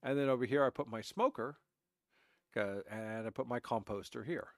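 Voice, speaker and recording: A man's voice: medium pitch, normal speed, dry recording, clean studio sound. A man streaming a game, congested and stuffy-voiced from allergies, giving a rambling, self-correcting walkthrough of his builds. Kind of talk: casual gameplay commentary.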